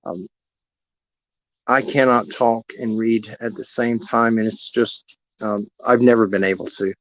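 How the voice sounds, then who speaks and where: In a lowish, flat voice and an unhurried pace, a man who hosts animal rescue streams tells his viewers an earnest, heartfelt personal story that rambles. The audio is dry, dull and lo-fi, as live streams often are.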